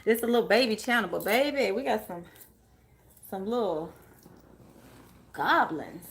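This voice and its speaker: A woman's voice: medium pitch, animated, unhurried, slight background noise. A woman tarot reader chatting casually with viewers during a live stream, calling them y'all and laughing often while she moves around fetching things.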